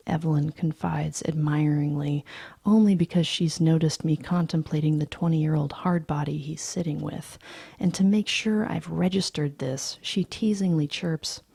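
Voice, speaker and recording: A woman reading a novel aloud in a slow, hushed, half-whispered way. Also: deep voice, steady tone, vocal fry, breathy edge, no room sound. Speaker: audiobook reader.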